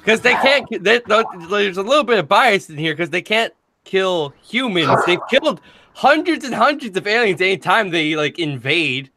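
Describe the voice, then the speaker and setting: A man's voice: high-pitched, very animated, moderate pace, noisy background. A man chatting casually with friends in a rambling, loose way, often laughing. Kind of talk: casual chat among friends.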